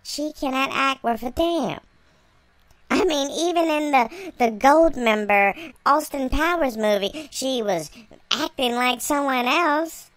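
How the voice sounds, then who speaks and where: A woman's voice: high-pitched, expressive, takes it slowly, no echo. A young woman vlogger delivering a sassy, profane, mocking reaction rant, laughing between lines.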